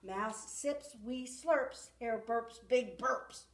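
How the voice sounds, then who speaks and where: A woman's voice: on the high side, extremely slow, a little hiss or hum. A woman reading a rhyming picture book aloud at a library storytime with rhythmic expression. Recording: echoey room, far from mic.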